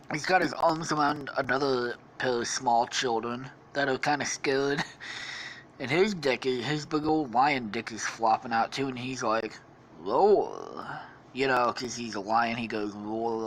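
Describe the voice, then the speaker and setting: A man's voice: medium pitch, fairly bright tone, slight background noise. A man hosting a podcast, rambling through an improvised comedy story with lots of swearing and laughter. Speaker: podcast host.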